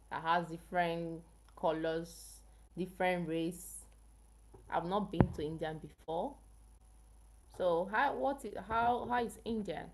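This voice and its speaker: A woman's voice: lowish voice, background noise. A woman from Africa hosting a casual health livestream, chatting with viewers and asking them questions. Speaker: health channel livestream host.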